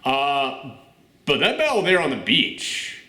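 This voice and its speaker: A man hosting a film review podcast at home, gushing and animated, often laughing as he talks. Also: fairly high pitch, unhurried, reverberant. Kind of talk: excited casual film review chat. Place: room at home with a dog nearby.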